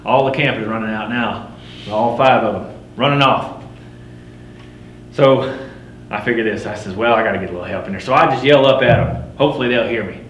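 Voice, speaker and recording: A middle-aged man playing a boastful frontier fur trapper, spinning a first-person campfire tall tale in a folksy drawl with rough frontier grammar, wry and swaggering. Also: medium pitch, a little fast, fairly bright tone, natural voice. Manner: swaggering, wry, chuckling at his own yarns. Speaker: living history storyteller. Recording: roomy recording with faint hum.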